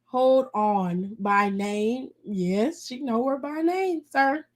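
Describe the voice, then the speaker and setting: A woman's voice: fairly high pitch, expressive, slow. A woman co-hosting a podcast in casual chat, telling stories animatedly, laughing often and swearing freely. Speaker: podcast co-host.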